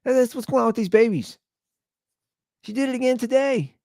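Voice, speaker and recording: A man's voice: extremely high pitch, brisk, dark tone, dry recording, studio quality. A tired man hosting a podcast, talking in a blunt, rambling casual monologue full of restarts. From Cincinnati area. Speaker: podcast host.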